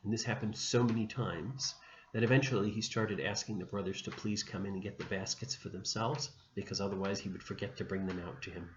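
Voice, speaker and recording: A man teaching religion by retelling a saint's life gently and without hurry, with small restarts along the way. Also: on the low side, fairly even intonation, fairly quick. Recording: dull, echoey room recording with faint hum.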